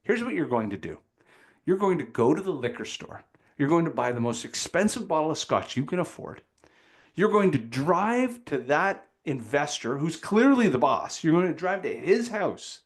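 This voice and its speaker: A man's voice: on the high side, very animated, moderate pace, voice pushed up. A man voicing a blunt young male roommate who gives pushy, rousing advice in a story.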